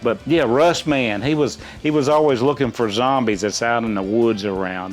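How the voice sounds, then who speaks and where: A middle-aged man rambles through his answers in a folksy, easygoing way, stopping and restarting often. His pitch sits in an ordinary middle range, with soft music playing faintly behind him. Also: normal speed, hardly any pauses. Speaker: quiz contestant. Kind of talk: casual chat.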